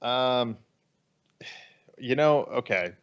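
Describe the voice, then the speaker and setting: A man's voice: medium pitch, lively intonation, clean tone, lo-fi sound. A man co-hosting a gaming podcast, chatting casually with a dry, wry humor and a habit of ranting. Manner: dry, wry, quick to rant. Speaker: podcast co-host.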